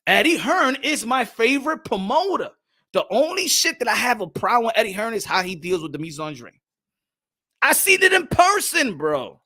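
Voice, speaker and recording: High, bright-voiced man ranting about boxing. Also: very animated, moderate pace. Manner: heated, profane, repeats himself and stumbles over words; greets chat viewers by name mid-rant. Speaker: boxing commentary host. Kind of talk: live-stream boxing rant.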